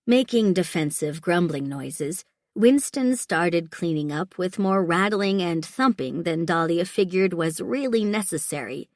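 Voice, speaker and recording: Steady woman narrating a romance audiobook. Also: on the low side, no echo, studio quality. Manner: steady, measured storytelling. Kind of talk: scripted narration.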